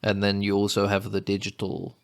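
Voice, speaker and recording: A man's voice: fairly low pitch, monotone, brisk, vocal fry. A man co-hosting a podcast in casual chat, dry and joking, thinking aloud with restarts. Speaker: podcast co-host.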